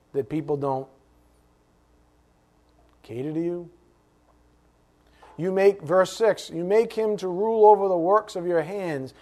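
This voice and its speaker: Animated preacher man, higher voice. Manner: animated, with rhetorical questions and sudden drops to a hush. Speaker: pastor. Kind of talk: sermon.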